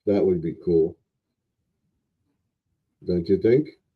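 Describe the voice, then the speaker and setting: A man hosting a casual livestream, chatting in an unhurried way and talking to a toy. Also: low-pitched, breathy edge. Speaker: livestream host. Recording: dull lo-fi livestream audio.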